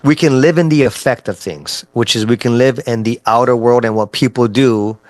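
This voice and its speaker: A man's voice: mid-range voice, normal speed, a little mellow, no echo. A man coaching on mindset in a casual teaching talk, checking in often with his listeners. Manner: conversational, frequent "right?" check-ins, restarts. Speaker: NLP coach.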